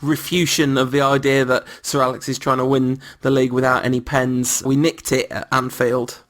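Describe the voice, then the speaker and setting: A man hosting a casual football podcast, chatty and self-mocking with quick asides. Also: medium pitch, flat delivery, a bit bright. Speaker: podcast host.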